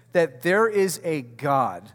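A man preaching a conversational sermon as pastor, swinging from loud to hushed and repeating words as he goes. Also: on the high side, very animated, extremely slow. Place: warehouse church hall. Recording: long reverb of a large hall.

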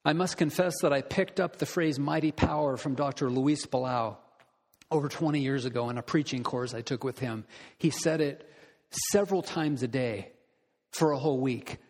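A man preaching an earnest, deliberate sermon as pastor, putting direct questions to his listeners. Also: mid-range voice, a little mellow. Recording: long reverb of a large hall.

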